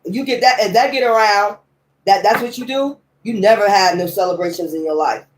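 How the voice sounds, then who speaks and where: A woman's voice: mid-range voice, a little fast. Blunt, profane woman in her fifties. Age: 50s. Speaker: tarot reader. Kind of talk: tarot reading with ranting commentary.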